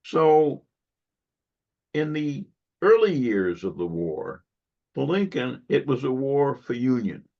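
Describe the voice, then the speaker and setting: Slow, gravelly male history lecturer. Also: mid-range voice, sing-song. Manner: measured, with wry asides. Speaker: guest lecturer. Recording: dull lo-fi recording.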